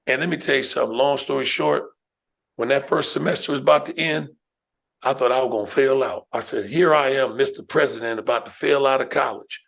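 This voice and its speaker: A man's voice: medium pitch, brisk, vocal fry. Casting: middle-aged man from New York, podcast guest, emphatic storyteller, mid-range voice. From New York, USA. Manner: emphatic, animated storyteller who addresses the listener with "man" and "right?". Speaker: guest, educator and speaker.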